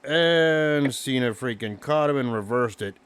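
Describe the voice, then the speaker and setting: A man co-hosting a casual wrestling review, excitedly recapping the match move by move. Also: medium pitch, unhurried, clear, resonant tone, dry recording. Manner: excited, recaps moves play by play. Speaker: podcast co-host.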